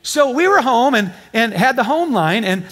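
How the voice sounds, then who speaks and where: A pastor preaching a sermon before a congregation, telling a story and joking with the people. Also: male voice, very high-pitched, sing-song, moderate pace, a bit bright. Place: church before a live congregation.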